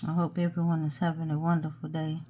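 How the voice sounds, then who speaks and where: A woman with a low, mellow voice walks through a craft project step by step in a relaxed, chatty way. She often talks to herself as she works, with a faint hum in the background. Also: quick pace, dull audio. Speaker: jewelry-making tutorial host. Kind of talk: casual step-by-step craft tutorial.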